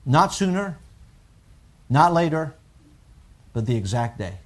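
A man's voice: a little high, very animated, slow. Emphatic preaching man. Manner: emphatic, rising to loud peaks when quoting scripture and critics. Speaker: pastor. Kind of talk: sermon.

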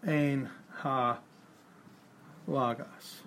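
A man's voice: mid-range voice, fairly even intonation, extremely slow, a bit bright, a little hiss or hum. A man teaching a Bible class, explaining patiently, repeating key points and quizzing his students, with the odd chuckle at his own examples. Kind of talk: classroom lecture.

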